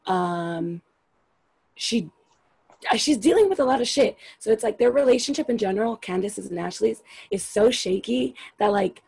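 A woman's voice: mid-range voice, expressive, moderate pace, gravelly, a little mellow, husky. A woman in casual chat about a reality show, blunt, opinionated and swearing freely.

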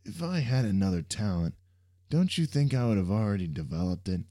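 A man's voice: lowish voice, very animated, a little fast, dark tone, voice pushed up. A man voicing a laid-back, reluctant young man who banters sardonically. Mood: wry.

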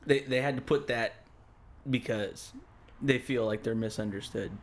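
Give me a man with an average-pitched voice throwing deadpan, sarcastic one-liners into a relaxed podcast chat. He sounds dry and joking. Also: moderate pace. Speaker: podcast co-host.

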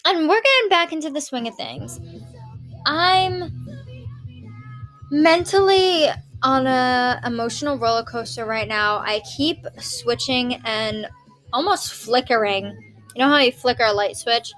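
A young woman with a high, light voice rambles through her own solo podcast, hopping from one thought to the next and swearing without a second thought. Faint music plays quietly in the background. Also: a little slow. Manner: rambling, scattered, jumps between topics, swears casually. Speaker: podcast host. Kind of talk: casual solo podcast chat. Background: faint music playing.

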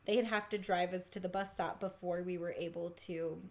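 A middle-aged woman chatting casually, telling family stories in an animated way and laughing often. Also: fairly low pitch, normal speed. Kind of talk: casual chat.

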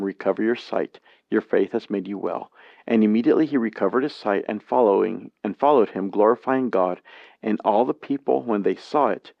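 A man teaching a Bible study lesson, reading scripture passages aloud and explaining them in a plain, measured way. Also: fairly low pitch, gravelly, darkish tone, no echo. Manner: plain, measured reading with brief spoken asides. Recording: dry, dull lo-fi sound.

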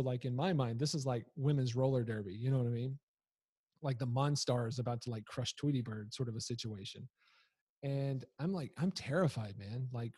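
A man in his thirties recounts a family story with a husky voice. He talks loosely and conversationally, with fillers and self-corrections, and finds the humor in it. The sound is dry and close. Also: mid-range voice, darkish tone, no echo. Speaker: storyteller, father. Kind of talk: casual personal storytelling.

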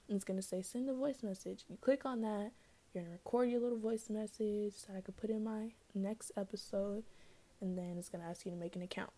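Young woman rambling on her podcast, slangy, warm mellow tone, kinda breathless. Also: mid-range voice. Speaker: podcast host. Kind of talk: casual solo podcast chat.

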